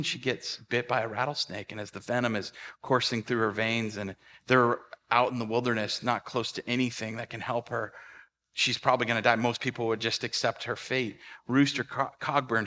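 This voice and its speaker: A man's voice: medium pitch, fairly even intonation, moderate pace, sharp tone. A man preaching a sermon as a pastor, telling stories in a conversational way with fillers and restarts. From Pacific Northwest of the US.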